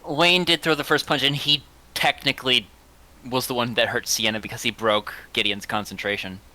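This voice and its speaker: A man's voice: mid-range voice, fairly even intonation, moderate pace, pushed and bright. A man playing a tabletop game, casually thinking aloud. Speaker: player.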